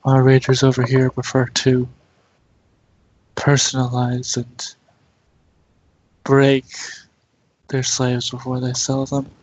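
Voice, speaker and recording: A man voicing a quiet, calm female plant creature who speaks by telepathy. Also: medium pitch, takes it slowly, long pauses, poor audio. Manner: soft, calm, matter-of-fact.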